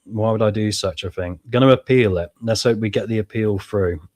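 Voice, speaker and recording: An excitable man, chatting casually to viewers as he plays a football management game, his voice a little strained from shouting. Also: fairly low pitch, fairly quick. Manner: excitable, chatty, addresses viewers as mates and guys. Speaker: gaming YouTuber playing a football management game. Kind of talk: casual gameplay commentary.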